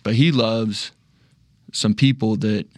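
A man's voice: on the low side, fairly even intonation, slow pace, no echo, studio quality. A young man talking casually and earnestly about faith, often restarting his sentences. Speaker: discussion panelist.

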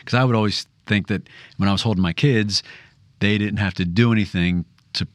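A man's voice: fairly low pitch, steady tone, a little fast, no room sound. A man telling stories in a reflective, casual faith discussion, often repeating words. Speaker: discussion panelist.

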